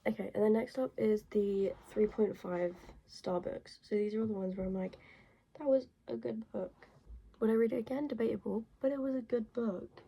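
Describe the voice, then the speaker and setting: Woman, casual book vlogger, blunt, gravelly warm tone. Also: mid-range voice, steady tone, brisk, few pauses, low-quality recording. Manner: chatty, rambling and blunt. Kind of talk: casual book review chat. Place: her bedroom.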